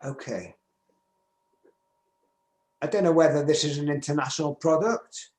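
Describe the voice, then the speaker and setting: A man's voice: on the high side, moderate pace, darkish tone. A man in his seventies from Manchester with a northern English accent, giving an emphatic conference talk and acting out sample conversations. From England, Manchester. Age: 70s. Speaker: business skills speaker. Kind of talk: conference presentation. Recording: roomy echo.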